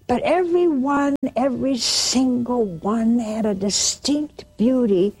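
A woman preaching, retelling a saint's vision with quoted dialogue and halting restarts. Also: a little high, darkish tone, slightly rough. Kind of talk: sermon storytelling.

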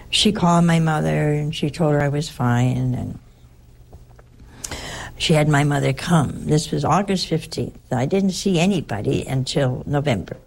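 An older nun tells a personal story, wandering and restarting as she goes. Her voice sits low and has a gravelly fry to it. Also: darkish tone. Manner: rambling, conversational, with frequent restarts.

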